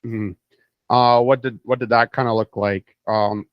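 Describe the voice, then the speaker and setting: A young Canadian man co-hosts a casual podcast chat, asking questions in an easygoing, joking way and agreeing often. His medium-pitched voice is unhurried with fairly even intonation, no echo, and a muffled recording.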